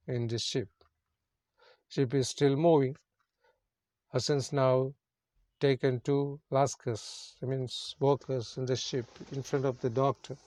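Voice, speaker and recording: A man's voice: medium pitch, darkish tone, no echo, studio quality. A man teaching English, reading a story passage aloud and then explaining its words in simple phrasing, repeating each meaning.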